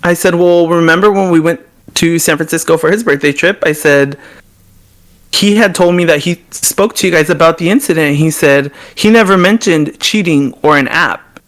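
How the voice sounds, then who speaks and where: A young man, a podcast guest, telling an emotional story and acting out the dialogue with big shifts in his voice. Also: normal speed. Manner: animated, reenacts quoted dialogue with swings in pitch.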